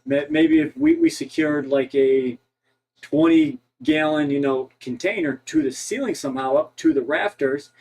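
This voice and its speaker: A man from Ohio co-hosting a casual livestream chat, rambling and halting with many restarts. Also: a little high, very animated, vocal fry, a little mellow, low-quality recording. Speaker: co-host.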